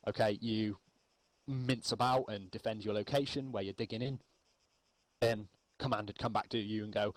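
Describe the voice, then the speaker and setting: A man with a low voice gives a loose, unscripted lesson and keeps stopping for ums and uhs. His voice sits low and sounds dry and close. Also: normal speed, no echo, poor audio. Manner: relaxed, rambling, frequent ums. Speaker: milsim infantry instructor. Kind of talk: casual spoken lesson.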